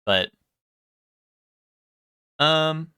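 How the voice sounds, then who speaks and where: A young male streamer talks to his chat in a bright, crisp voice, rambling and swearing as he goes. The sound is dry and close. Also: fairly high pitch, expressive, extremely slow, no echo. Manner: rambling, swears a lot, full of ums. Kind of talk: casual live-stream chat.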